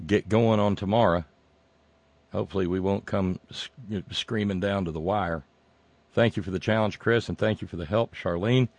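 A man's voice: on the low side, no echo. Dry-voiced rambling male radio host. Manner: rambling, joking, with sudden loud outbursts. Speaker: radio talk show host. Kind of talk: casual call-in radio banter. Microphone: studio microphone.

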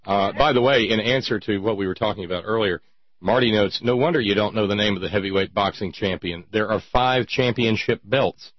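A man's voice: lowish voice, a little fast, no room sound. An older man hosting a radio talk show, with a dry, wry and thoughtful manner. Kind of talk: casual radio chat. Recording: dull dry radio audio.

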